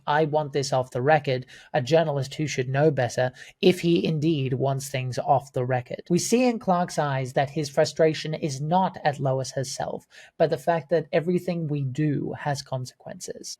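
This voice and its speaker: A man's voice: fairly high pitch, a little mellow. A man giving scripted film commentary as a video essayist, earnest and enthusiastic.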